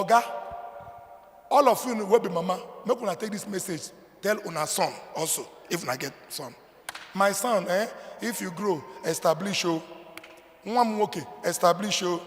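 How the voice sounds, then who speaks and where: A Nigerian man preaches from the pulpit in a high voice. He hammers points loudly and then falls to quiet, low asides. A long reverb from the hall trails his words. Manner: emphatic preaching, swinging between loud declarations and low asides. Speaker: pastor. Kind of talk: sermon.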